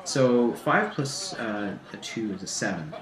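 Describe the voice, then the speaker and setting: Low-voiced male game master, echoey room. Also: animated, a crowd in the background. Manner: halting, full of ums and restarts. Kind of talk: narrating a tabletop game. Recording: echoey room with faint hiss.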